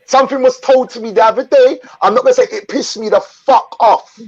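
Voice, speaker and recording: A high-voiced man rants straight to camera, blunt and full of swearing, hammering the same points again and again. The sound is dull and muffled. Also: fairly quick, slightly rough. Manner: blunt and profane, repeating himself. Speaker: channel host. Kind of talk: angry vlog rant.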